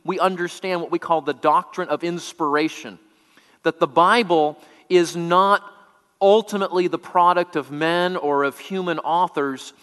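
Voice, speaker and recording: A man's voice: fairly high pitch, a bit bright, smooth, big-room sound. A man preaching a sermon, explaining scripture word by word as a teacher, often repeating words as he restarts.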